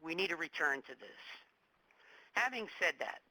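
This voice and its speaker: A man's voice: a little high, sing-song, moderate pace, bright, forceful tone, no room sound, poor audio. A middle-aged man with a New York accent giving a public lecture, emphatic and often repeating words as he searches for the next one. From New York metropolitan area.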